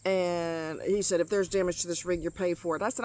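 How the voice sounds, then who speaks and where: Sweating in hot, muggy nature, a middle-aged woman vlogs an outdoor rant, venting bluntly with heavy swearing and emphatic repetition. Her voice is lowish and darkish in tone, fairly quick, with fairly even intonation.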